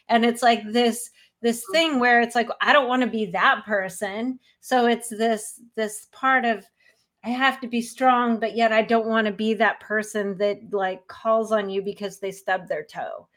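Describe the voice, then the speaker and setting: A woman's voice: medium pitch, steady tone, normal speed. A woman speaks in an earnest, reflective way in a casual talk about grief. Her voice sits in a middle range. She brings more energy when she acts out the people she quotes.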